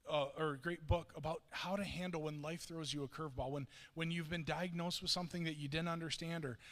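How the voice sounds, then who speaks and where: A man's voice: on the high side, fairly bright tone. Earnest man preaching in a hall. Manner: earnest storytelling with frequent restarts. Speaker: pastor. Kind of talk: sermon. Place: church sanctuary. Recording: long reverb of a church hall.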